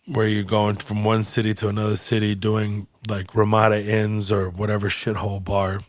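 A man with a lowish voice spins a swear-laden anecdote in casual podcast chat, jumping into put-on voices for the people he quotes. The sound is dry and close, with no room around it. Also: completely flat delivery, normal speed, no room sound. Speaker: podcast host and comedian.

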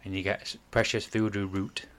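A man hosts a casual podcast in a low voice, rambling through a long retelling. He loses his place often, stops to correct himself and apologizes. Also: flat delivery, brisk, fairly bright tone. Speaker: podcast host. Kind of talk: casual chat.

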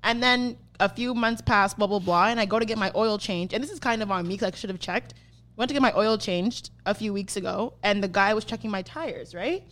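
A woman's voice: mid-range voice, brisk. A young adult woman, a podcast host telling a story in casual, profane chat and acting out what people said. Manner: profane, animated, acts out quotes.

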